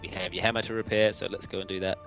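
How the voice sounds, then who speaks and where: Deep-voiced man playing a tabletop game. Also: racing, creaky, highs cut off, faint music behind. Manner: calm, matter-of-fact. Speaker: player. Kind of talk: casual tabletop play.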